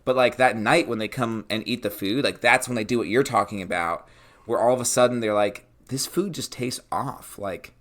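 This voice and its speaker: An animated man trading game-master ideas on a home podcast mic. His voice is on the low side, and he keeps slipping into little acted-out bits to make his point. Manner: animated, acts out scenes in quick asides. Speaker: podcast co-host. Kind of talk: casual chat about tabletop games.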